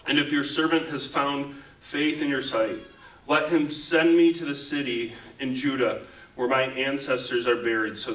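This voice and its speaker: A male pastor delivering a relaxed, conversational sermon, peppering his talk with "like." His voice is bright and forceful, and it rings through a roomy church space, picked up from a little away from the mic. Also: mid-range voice, far from the mic. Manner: casual, talks with frequent "like" fillers. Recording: echoey room, speaker away from mic.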